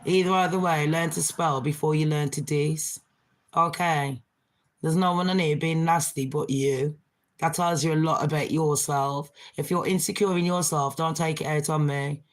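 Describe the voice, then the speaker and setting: A woman's voice: deep voice, steady tone, normal speed. A woman from Jamaica with a mixed Birmingham and Jamaican accent, hosting a casual livestream and chatting back at viewer comments. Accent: Birmingham English with a Jamaican touch. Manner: chatty, laughs often, answers comments. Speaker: livestream host reading chat.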